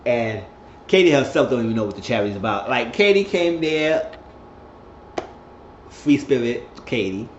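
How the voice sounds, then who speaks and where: Man, casual recap chatter, laughs a lot, squeaky impressions, echoey room, dull faint-hiss audio. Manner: chatty, laughs often, acts out cast members in high squeals. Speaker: reality show recapper. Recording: roomy, dull lo-fi sound with faint noise.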